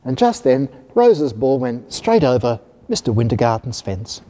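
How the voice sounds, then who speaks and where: A man reading a children's picture book aloud, expressive and animated. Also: mid-range voice, unhurried. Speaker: storyteller. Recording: reverberant hall.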